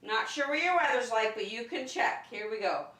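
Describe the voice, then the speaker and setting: Expressive and a bit bright, this woman's slightly high voice moves at a moderate pace as she runs a virtual circle time for little kids from home. The preschool teacher's sing-song, cheerful patter is picked up from afar, off-mic in an echoey room.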